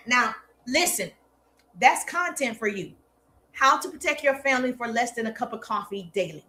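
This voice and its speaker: A woman's voice: a little high, lively intonation, normal speed, pushed and bright. A woman marketing coach giving an emphatic, playfully sarcastic motivational lesson. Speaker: social media marketing coach. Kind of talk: live motivational teaching talk.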